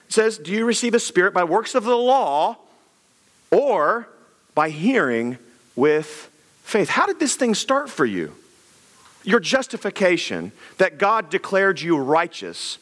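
A middle-aged man, a pastor giving a conversational sermon full of rapid rhetorical questions. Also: high voice, fairly bright tone.

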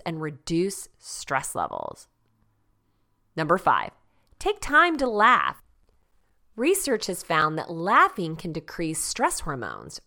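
A woman hosting a lifestyle segment, chatty and upbeat, laughing easily as she goes through tips. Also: mid-range voice. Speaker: host.

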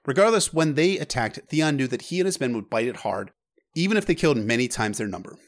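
A man's voice: mid-range voice, fast talker. Male narrator, casual recap read, mid-range voice, a few stumbles. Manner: relaxed, with stammered restarts.

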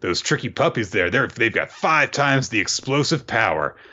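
A man's voice: medium pitch, big pitch swings, normal speed, bright, forceful tone, husky, dull audio, heavily acted. A man voicing a spiteful, hot-headed young male mage who talks bluntly and swears. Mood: taunting.

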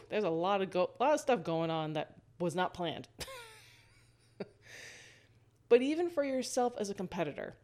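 A woman hosting a casual storytelling monologue, lively, laughing often and walking the listener through a scene. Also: on the low side.

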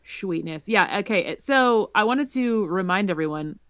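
A woman's voice: medium pitch, a little slow, no echo, clean studio sound. Playful woman co-hosting a podcast. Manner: playful, teasing, animated. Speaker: podcast co-host. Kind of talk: casual chat.

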